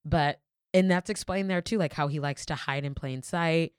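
A woman's voice: sits low, moderate pace, clear, resonant tone, dry recording, studio quality. A young woman co-hosting a casual talk show, telling a story candidly and swearing freely. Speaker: podcast co-host. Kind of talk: casual chat.

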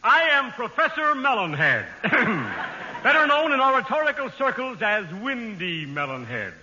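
An actor playing a pompous bald professor of public speaking, with booming, florid diction in 1940s radio comedy acting. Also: male voice, sing-song, a little slow, pushed and bright, dull audio, exaggerated voice. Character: pompous bald male elocution professor, windy. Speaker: comic guest character. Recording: echoey old radio broadcast, hissy.

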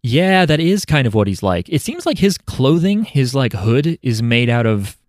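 A man hosting a podcast, chatting casually with offhand, deadpan jokes. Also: medium pitch, normal speed, no room sound, studio quality. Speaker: podcast host. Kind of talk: casual chat.

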